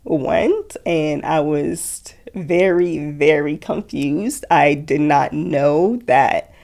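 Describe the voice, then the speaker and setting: A young woman telling her story as a guest in an interview, speaking softly with many fillers and quoted dialogue. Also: deep voice, very slow, creaky. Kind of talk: emotional personal interview.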